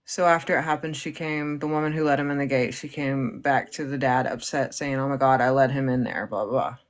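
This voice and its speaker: A woman's voice: rumbling low, fairly even intonation, a little fast. Woman host relaying a guest's words. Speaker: livestream host.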